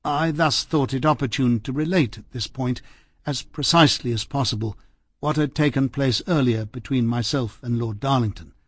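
A man narrating an audiobook in the first person, formal, measured and precise. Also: mid-range voice, slightly rough, no echo, studio quality.

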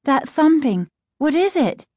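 A woman's voice: high-pitched, sing-song, measured pace, darkish tone, no echo, studio quality, voice pushed up. A woman voicing a frightened young girl in a spooky storybook, speaking in a panicky, urgent way. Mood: scared, urgent. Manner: panicky, breathless pleading.

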